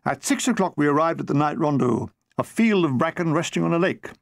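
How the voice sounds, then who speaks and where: A man reads his own comic war memoir with a dry, deadpan delivery. His voice sits fairly high for a man. The sound is close and dry, with no room echo. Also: quick pace, vocal fry. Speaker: author reading his memoir.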